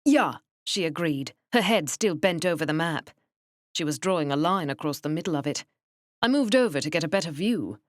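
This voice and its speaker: A woman narrating an audiobook in a measured, wry first-person manner. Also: deep voice, expressive, no echo, studio quality.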